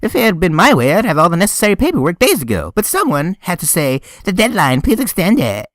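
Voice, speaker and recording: A man putting on a shrill, shouting schoolgirl. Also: huge pitch swings, fast talker, no echo, studio quality, full character voice. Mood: scolding. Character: loud bubbly teen schoolgirl, pushy.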